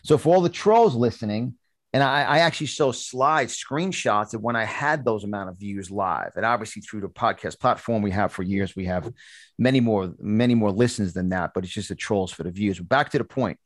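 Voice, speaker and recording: A man hosting a talk show, telling a long story in an animated, preachy way, often restarting his sentences. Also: lowish voice, brisk, no echo. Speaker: podcast host and conservative speaker. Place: studio.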